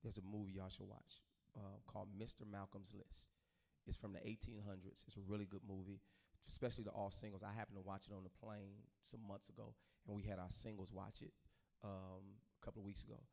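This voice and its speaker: A man's voice: fairly low pitch, a little fast, vocal fry. A middle-aged man, a pastor talking casually to his congregation and acting out the voices in his stories. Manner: animated storyteller, acts out quoted voices.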